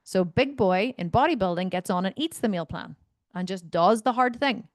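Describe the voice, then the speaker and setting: A woman's voice: medium pitch, animated, normal speed, no echo, clean studio sound. A woman coach, talking bluntly and animatedly to members, swearing now and then and wandering off on tangents. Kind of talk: Q&A talk to members.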